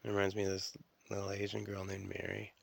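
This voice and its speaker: A man's voice: low voice, completely flat delivery, fast talker, vocal fry. A man telling stories in a rambling, profane, stream-of-consciousness solo monologue, often restarting his sentences.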